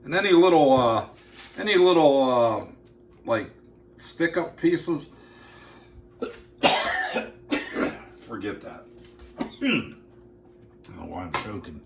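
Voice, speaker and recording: A man's voice: medium pitch, big pitch swings, slow, pauses often, roomy sound, a little hiss or hum. A man demonstrating a recipe in a casual cooking vlog, folksy and joking as he talks straight to his viewers. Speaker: home cooking vlogger. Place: home kitchen.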